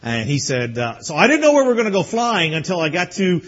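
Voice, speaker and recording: A man's voice: high voice, big pitch swings, fast, highs cut off. A man preaching as pastor to graduates, telling a story with chuckles and then urging them earnestly. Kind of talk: sermon to graduates.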